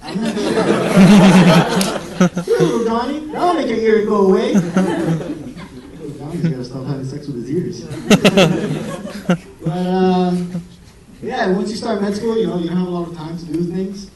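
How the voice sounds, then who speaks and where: Slow and expressive with a high voice, a young man who studies medicine performs stand-up before a live crowd at a comedy venue. His storytelling rambles, swears and mocks himself, while the roomy, distant recording picks up audience laughter.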